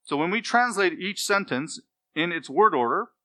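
A man preaching an expository sermon, stressing key words by repeating them and dropping to quiet asides. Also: sits high, animated, moderate pace, no echo. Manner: emphatic, repeats key words, swings between loud stress and hushed asides. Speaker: pastor.

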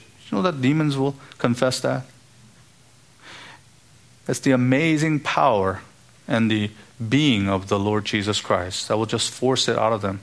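A man's voice: medium pitch, moderate pace. A man preaching an expository sermon in an earnest, emphatic way, now and then acting out the voices he quotes.

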